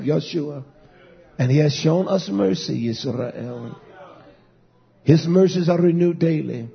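Impassioned man preaching a slow, gravelly sermon. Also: sits high, highs cut off. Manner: impassioned, rising to shouts; slow, drawn-out emphasis.

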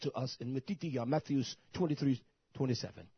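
A man preaching a sermon, who swings from soft, murmured asides to loud, shouted bursts. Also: medium pitch, lively intonation, fairly quick, hardly any pauses, breathy edge, dry recording, dull audio.

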